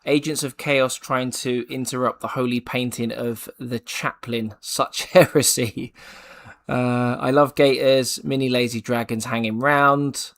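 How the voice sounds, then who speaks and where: Man, gravelly fry in the voice, mid pitch, jokey, reads viewer comments. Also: steady tone, measured pace, few pauses, fairly bright tone. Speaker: co-host reading chat. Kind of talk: casual chat.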